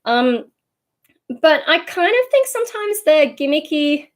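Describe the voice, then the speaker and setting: A young Australian woman talking freely on a livestream. Her voice sits a little high, and she rambles from thought to thought, easily sidetracked. She picks up viewer comments and chats back to them. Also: big pitch swings, a little slow. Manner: reads out and answers viewer comments. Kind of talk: casual livestream chat.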